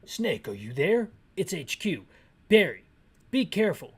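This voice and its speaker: A woman voicing a stiff, by-the-book male HQ radio operator, reading each line slowly and over-enunciated. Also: on the low side, sing-song, breathy edge, exaggerated voice. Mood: stiff, formal. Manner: slow, over-enunciated reading of game text.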